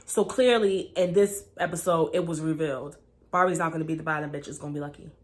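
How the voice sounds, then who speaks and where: Lady with a lowish voice gossiping about a tv episode, lots of you know, swears a bunch. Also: steady tone, fast. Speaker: TV show reviewer. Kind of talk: casual recap vlog. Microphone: camera mic.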